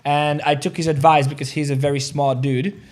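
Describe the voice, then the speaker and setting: Higher-pitched man with a rambling, swearing delivery. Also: flat delivery, a little fast, darkish tone. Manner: rambling, swears freely, jokey and pushy about likes. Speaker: crypto trading livestream host. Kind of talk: casual livestream chat, reading viewer comments.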